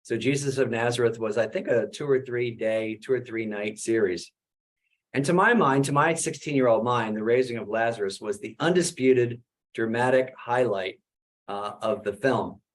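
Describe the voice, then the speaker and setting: A middle-aged Jesuit priest discusses his book in a conversational webinar, his talk full of "uh" fillers and animated questions. His voice is mid-range and moderately paced.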